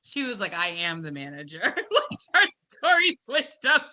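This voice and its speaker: A woman hosting a podcast in casual chat, cutting in with loud, joking, profane remarks. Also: mid-range voice, big pitch swings, moderate pace. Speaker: podcast host.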